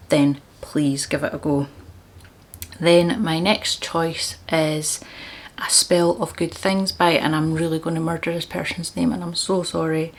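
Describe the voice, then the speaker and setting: A woman vlogging about books, chatty and enthusiastic, with frequent laughs. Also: lowish voice. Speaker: book vlogger. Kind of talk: casual book chat.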